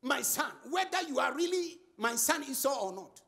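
A man preaching a sermon in call-and-response style, shouting and chanting phrases to the congregation. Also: very high voice, big pitch swings, moderate pace, gravelly.

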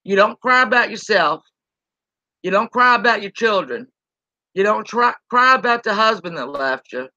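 Lady on a livestream cussing up a storm, bright sharp voice, dull lo-fi sound. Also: mid-range voice, no echo. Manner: profane, blunt, reads chat aloud. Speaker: YouTube commentary host. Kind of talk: ranting live-stream commentary.

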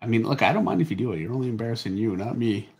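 Husky man with dry teasing humor. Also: medium pitch, very fast. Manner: relaxed, dry teasing, trails off mid-thought. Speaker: artist hosting a drawing livestream. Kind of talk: casual chat.

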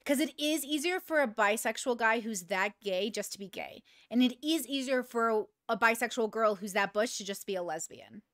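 A woman hosting casual reaction commentary, thinking aloud in an animated, swearing way. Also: a little high, no room sound, studio quality. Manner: animated, swearing, thinking aloud, pausing to clear her throat. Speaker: commentary host reacting to a video.

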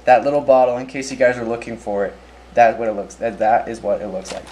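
A man's voice: mid-range voice, fast, darkish tone, poor audio. A man casually reading odd news stories aloud, often tripping over names, then adding his own offhand comments.

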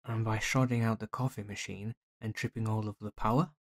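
A man's voice: lowish voice, steady tone, brisk, lightly acted. A man playing a sarcastic, swearing young man in a fan audio drama.

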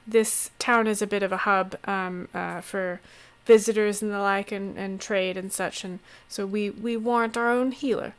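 A woman voicing a weary, put-upon male village mayor who talks flatly and quietly, his patience strained. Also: medium pitch, unhurried, smooth, close to an everyday voice.

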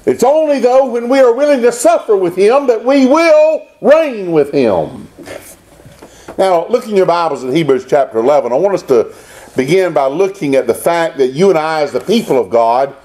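Male pastor, church sermon, high voice that swings widely in pitch. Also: lively intonation, normal speed, a little mellow.

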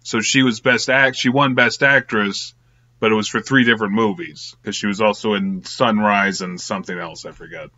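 Young man, bright forceful voice, rambling casual film review, slightly muffled lo-fi audio. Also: lowish voice, steady tone, normal speed. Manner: rambling, filler-heavy, giggly.

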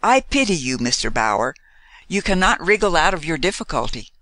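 A frank, cheerful young woman, as a man reads her lines, her raised voice swinging up and down with lively energy. She speaks brightly and openly in a storybook, recorded close and dry. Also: on the high side, normal speed, dry recording.

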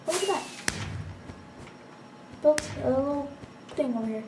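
A woman commenting on her gameplay as she plays, excitable and quick to exclaim and shout reactions. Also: high-pitched, recorded from a distance. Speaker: let's play gamer. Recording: roomy, away from mic, noisy.

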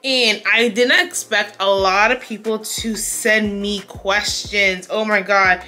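A young woman from Canada chatting casually through a Q&A vlog, animated and laughing often. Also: mid-range voice, slow pace. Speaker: vlogger.

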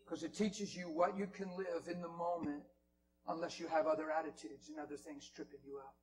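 A man preaching in a church, telling stories in a Q&A session, going from loud to hushed whispers. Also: fairly high pitch, fairly quick, slight background noise, low-quality recording. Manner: animated storyteller, swings from loud to hushed whispers. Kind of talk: Q&A teaching with storytelling.

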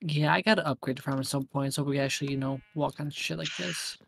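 A man's voice: medium pitch, fairly even intonation, quick pace, gravelly, fairly bright tone. A man hosting a casual multiplayer gaming session, swearing and exclaiming often. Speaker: gaming host.

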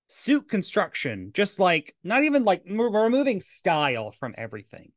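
A man with a high, very lively voice co-hosts a podcast in relaxed, chatty talk. He is animated and playful. The sound is dry and close. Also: no echo. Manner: animated, throws in playful silly character voices. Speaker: podcast co-host. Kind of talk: casual chat about an old TV show.

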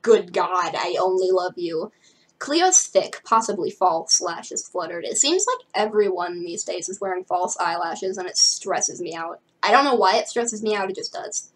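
Young woman, husky voice, casual book reader with wry side comments, pitches up for character lines. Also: expressive, poor audio. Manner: chatty, wry, quick to laugh at the book; drops to a hushed voice now and then. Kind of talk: reading a novel aloud with asides.

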